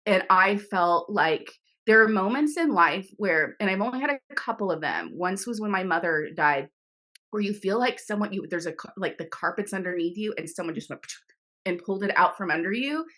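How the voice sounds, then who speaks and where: A middle-aged woman, an author, telling a story in a casual interview over a video call, animated and laughing often, with many restarts. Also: medium pitch, normal speed. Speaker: author guest.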